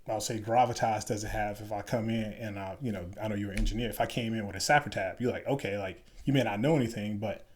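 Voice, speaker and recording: A man in an interview, recounting his time as an Army officer in a relaxed, rambling way with many fillers. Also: fairly low pitch, fast, few pauses, a little hiss or hum. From Chicago. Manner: relaxed, many fillers, acts out quoted dialogue. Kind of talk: casual storytelling.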